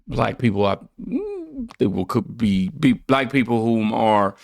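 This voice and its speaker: A man's voice: mid-range voice, sing-song, unhurried, gravelly, dry recording, studio quality. A man hosting a reaction channel, laid-back, reading viewer comments aloud and riffing on them.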